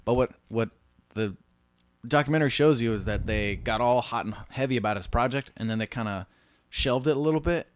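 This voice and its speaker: A man's voice: mid-range voice, brisk, slight background noise. A man casually telling film-business stories, slipping into mimicked voices for the people he quotes. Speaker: podcast co-host.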